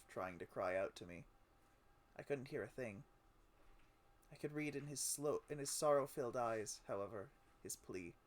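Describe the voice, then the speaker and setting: A man streaming a game, reading a sad first-person story aloud with feeling and sudden loud cries. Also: fairly low pitch. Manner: emotive, with sudden loud outcries on names. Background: music.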